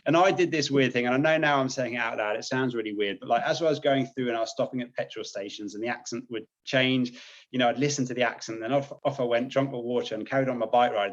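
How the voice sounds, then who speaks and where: A man's voice: medium pitch, lo-fi sound. A British man, a naval officer, chatting casually and upbeat in an interview, laughing often. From Britain. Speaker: guest, naval officer and charity cyclist.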